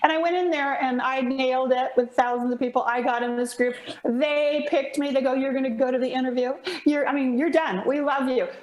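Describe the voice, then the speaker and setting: A woman guest telling a lively, dramatic story in a podcast conversation, acting out the people in it. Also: sits high, brisk, roomy sound, slight background noise. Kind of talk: animated storytelling in a podcast chat.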